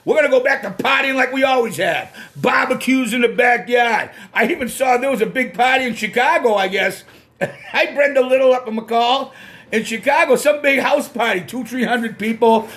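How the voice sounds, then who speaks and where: A man's voice: very high-pitched, moderate pace, a bit bright. A man with a Boston accent hosting a casual live stream, ranting and swearing when he gets worked up, through a computer mic.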